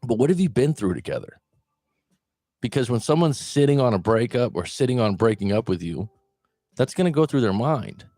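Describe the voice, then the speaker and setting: A man's voice: medium pitch, sing-song, normal speed, warm tone, no echo. A man, a breakup coach, talking straight to the listener and asking them questions. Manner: conversational, asks the listener questions. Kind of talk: direct-to-camera advice talk.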